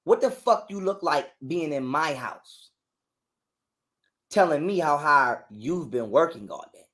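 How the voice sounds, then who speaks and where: A man's voice: fairly high pitch, expressive, measured pace, fairly bright tone. A man telling a heated, profane story as a guest on an interview show. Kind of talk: casual storytelling.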